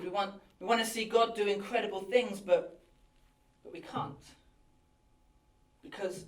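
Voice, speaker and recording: A man, a pastor, preaching a sermon in an earnest, animated way, acting out people's anxious thoughts in a church hall. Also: sits high. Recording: roomy hall from a distance.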